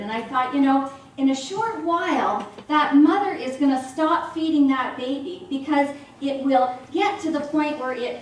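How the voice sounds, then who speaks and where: A woman's voice: high-pitched, slight background noise. A middle-aged woman minister giving a sermon, telling stories in a conversational way. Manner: warm conversational storytelling. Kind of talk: sermon with storytelling. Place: church sanctuary. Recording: echoey hall from far off.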